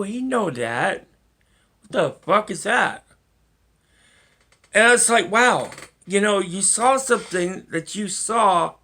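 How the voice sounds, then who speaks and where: A man's voice: high-pitched, pushed and bright. A man rambling through a solo vlog monologue, swearing often and chuckling to himself. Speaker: vlogger.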